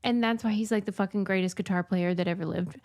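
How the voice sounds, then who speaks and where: A woman's voice: medium pitch, steady tone, quick pace, a little mellow. A woman co-hosting a podcast, talking candidly and reflectively in casual chat, swearing now and then. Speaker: podcast co-host.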